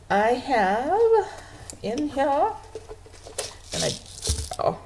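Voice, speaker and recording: A woman's voice: medium pitch, animated, moderate pace, noisy background. A woman hosting a knitting video podcast from home, chatting casually and laughing often while she shows her projects to a webcam.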